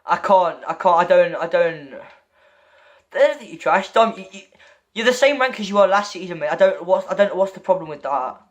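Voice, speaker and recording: A man giving excitable gaming commentary while chatting with a friend, stammering and repeating himself. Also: high-pitched, fairly quick, dull audio. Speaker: gamer opening loot crates.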